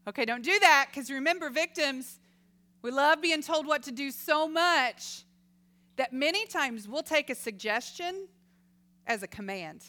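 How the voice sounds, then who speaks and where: A middle-aged woman giving a casual Christian teaching talk, telling stories lively and acting out voices. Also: high-pitched, a little slow. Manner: lively storytelling, acts out quoted voices, laughs often. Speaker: Christian speaker.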